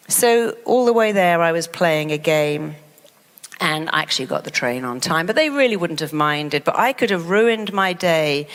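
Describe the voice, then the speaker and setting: Lively woman giving a motivational talk. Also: fairly low pitch, big-room sound. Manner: animated, acts out quoted voices of clients. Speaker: therapist and speaker.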